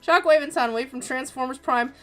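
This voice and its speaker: A woman's voice: sits high, fairly quick, fairly bright tone. A young woman hosting an art livestream, chatting casually and giggling as she reads viewer messages aloud. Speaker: art streamer reading viewer submissions.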